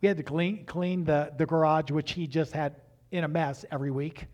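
A middle-aged man preaching as a pastor, telling family stories with halting restarts and acting out the dialogue. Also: fairly high pitch. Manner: animated, acts out dialogue in raised voices; halting restarts and repeated words. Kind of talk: storytelling sermon.

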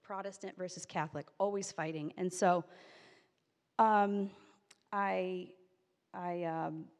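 A woman telling a personal story in an animated way, acting out the voices of the people in it. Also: fairly low pitch, takes it slowly, in a large hall. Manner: animated, acts out quoted voices.

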